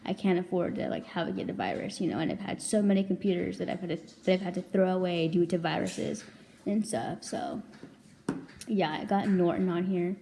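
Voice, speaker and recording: A woman's voice: lowish voice, steady tone, brisk, vocal fry, warm tone, slight background noise. A young woman vlogging a casual storytime, rambling and chatty, packed with "like" and casual swearing. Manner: chatty, rambling, heavy filler "like", swears freely.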